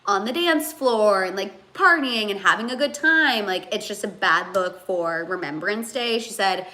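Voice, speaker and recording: A woman's bright, forward voice carries a loose, rambling livestream chat full of fillers. She is emotional and teary as she reads out viewer comments. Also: mid-range voice, measured pace. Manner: chatty and rambling, many fillers. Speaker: host.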